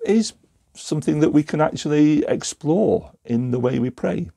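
Male preacher giving a recorded sermon; gravelly, husky voice, reflective and searching. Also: fairly high pitch, lively intonation, measured pace, warm tone. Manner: reflective, thinking aloud with small restarts. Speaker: Methodist preacher.

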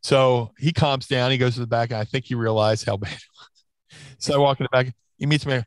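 A man's voice: medium pitch, fairly even intonation, fairly quick, no room sound. A man in a casual interview, telling stories in a rambling way with many restarts and fillers. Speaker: interview guest, former wrestler. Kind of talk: casual storytelling.

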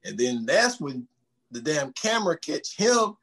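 Male podcast host, slightly high voice, loose and profane, animated scene recaps. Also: unhurried, breathy edge. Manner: profane, animated retelling with quoted dialogue. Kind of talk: casual chat.

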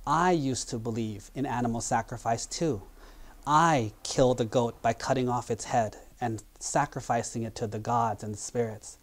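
A man voicing a wise, compassionate old male goat in a spoken parable, speaking slowly and gently. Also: mid-range voice, lightly acted. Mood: solemn.

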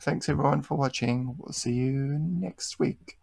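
A man's voice: on the high side, unhurried, creaky, darkish tone, husky, dry recording. A young man hosting a casual podcast chat, laid-back, swearing casually and trailing off mid-sentence. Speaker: podcast host.

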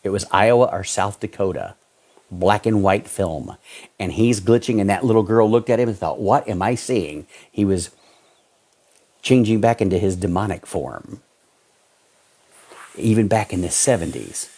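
Man, pastor, sermon, low voice, husky, impassioned exhortation, loud-to-hushed pleading. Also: animated, normal speed, long pauses.

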